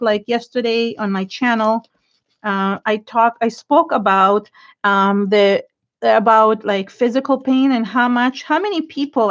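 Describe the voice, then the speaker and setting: Chatty effusive woman on a lo-fi livestream. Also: a little high. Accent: Israeli. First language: Hebrew. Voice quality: chatty, rambling, many fillers and restarts. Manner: frank and effusive, gushing thanks to viewers. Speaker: art livestream host. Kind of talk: casual livestream chat while inking. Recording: dull lo-fi livestream audio.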